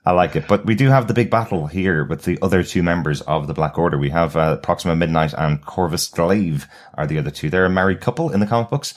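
Man, very deep voice, podcast co-host, explanatory, casual chat. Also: fast talker, few pauses. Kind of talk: casual film review chat.

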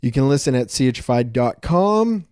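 A man's voice: mid-range voice, expressive, normal speed, a little mellow, clean tone, dry recording. Earnest man on a dry podcast mic. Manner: earnest, gets worked up and preachy. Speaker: podcast co-host. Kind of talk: casual podcast chat.

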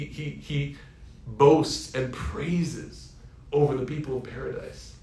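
A man's voice: medium pitch, slight background noise. A man in his thirties giving a heartfelt sermon as an Islamic preacher, telling stories and building to emphatic peaks. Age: 30s. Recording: roomy echo.

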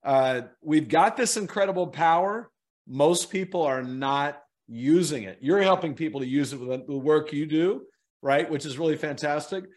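A middle-aged man, a guest in an interview, telling an animated story and acting out the people in it. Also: on the high side, moderate pace.

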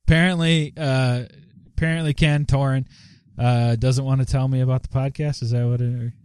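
Male podcast host, mid pitch, dry close sound, rambling and chatty. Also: level tone, normal speed, darkish tone, clean tone, dry recording. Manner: rambling with many fillers and laughs. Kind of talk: casual live show chat.

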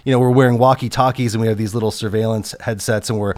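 A man's voice: on the low side, fairly even intonation, darkish tone, no echo. Man telling a story in a dry close sound. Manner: halting, chuckles through the story. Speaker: camera operator guest. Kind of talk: casual anecdote telling.

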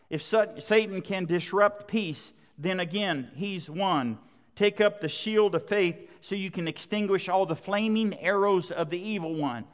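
Guy preaching a sermon, punchy repeated lines, pretty high voice, echoey church hall. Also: a bit bright. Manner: emphatic, repetitive preaching cadence.

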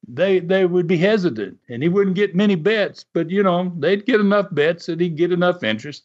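Rambling man telling an old story. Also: on the high side. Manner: rambling, full of "uh" fillers. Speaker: podcast host and storyteller. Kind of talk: casual storytelling. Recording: dull lo-fi podcast audio.

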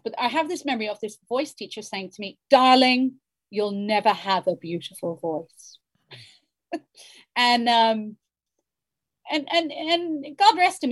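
A woman's voice: medium pitch, slightly rough, no echo. A woman in her fifties, a novelist, musing in a rambling interview with many restarts. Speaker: novelist guest. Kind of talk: reflective interview conversation.

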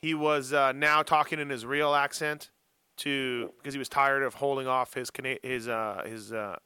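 A man hosting a casual podcast chat, telling animated stories and teasing his co-hosts. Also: medium pitch, normal speed, smooth, no echo. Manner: animated storyteller who teases his co-hosts. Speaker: podcast host.

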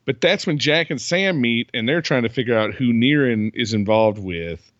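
A man's voice: mid-range voice, expressive, normal speed, dry recording, muffled recording. A man hosting a casual podcast, chatty as he recaps a movie plot and acts out its lines. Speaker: podcast host.

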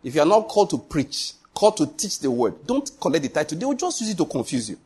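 A man's voice: a little high, sing-song, fast talker, a little mellow, husky. A man preaching a sermon as pastor, emphatic, full of repetition and rhetorical questions.

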